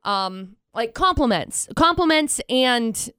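A woman's voice: fairly high pitch, expressive, slow, pushed and bright, smooth, no echo, clean studio sound. Chatty, self-deprecating woman radio co-host. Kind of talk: casual radio banter. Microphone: studio microphone.

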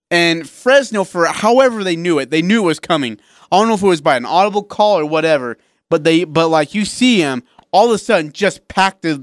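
A male sports radio co-host with a fairly high voice, chatty and quick to laugh. The studio sound is dry and close, with no room echo. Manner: joking, laughs easily.

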